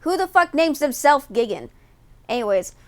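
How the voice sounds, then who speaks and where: A young woman streaming live, reacting to a video with loud, profane, joking commentary. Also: high-pitched, very animated, normal speed. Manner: loud, profane, mocking jokes and frequent laughs.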